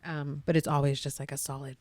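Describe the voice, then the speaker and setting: A woman's voice: deep voice, level tone, fast, darkish tone, dry recording. A young woman chatting casually as a podcast co-host, laughing often and acting out what her family says. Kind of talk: casual chat.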